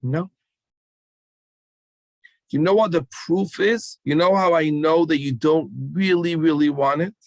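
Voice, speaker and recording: Man speaking slowly to a children's rally. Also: a little high, no room sound. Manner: call-and-response, coaxing and emphatic. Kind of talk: animated talk to a children's rally.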